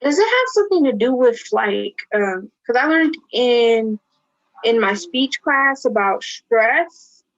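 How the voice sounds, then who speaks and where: A woman's voice: on the high side, sing-song, takes it slowly. A woman student asking a teacher tentative, hesitant questions over a video call. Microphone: video call microphone. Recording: dull, dry video call audio.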